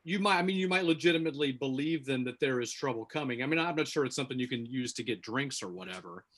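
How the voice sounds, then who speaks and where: A man's voice: medium pitch, animated, quick pace, fairly bright tone. Rambling male podcast co-host. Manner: hedging, rambling with many fillers. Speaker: podcast co-host telling jokes. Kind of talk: casual chat.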